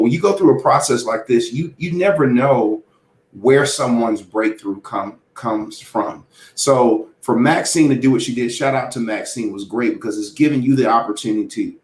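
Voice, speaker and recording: A man's voice: medium pitch, moderate pace. A man hosting a casual interview chat, upbeat and emphatic, laughing often. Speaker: host. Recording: roomy echo.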